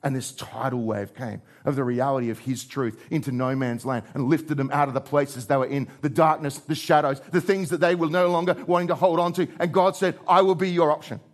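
A man's voice: fairly even intonation, fairly quick, hardly any pauses. Dynamic man preaching a sermon. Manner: dynamic preacher, swings between raised emphatic lines and low quiet ones. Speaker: pastor.

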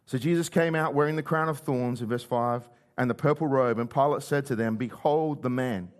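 A man's voice: medium pitch, fairly even intonation, brisk. A male preacher retelling scripture in a conversational sermon, acting out the quotes. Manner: conversational storytelling, acts out quotes.

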